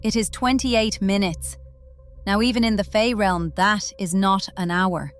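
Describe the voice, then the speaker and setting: A woman speaking slowly on a casual podcast. She drops wry, whimsical asides in a fae persona. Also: mid-range voice, steady tone, soft background music. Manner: slow, wry, whimsical quips.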